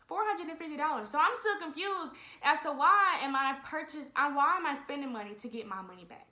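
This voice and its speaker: A woman's voice: high voice, lively intonation, fairly quick, bright, forceful tone. A woman in her twenties telling a story casually and animatedly, talking straight to her viewers and often saying "y'all". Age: 20s. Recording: echoey room.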